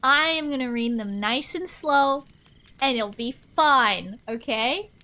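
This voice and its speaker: A woman's voice: sits high, takes it slowly, pushed and bright. A young woman streamer chatting casually with her live audience, rambling and answering chat aloud.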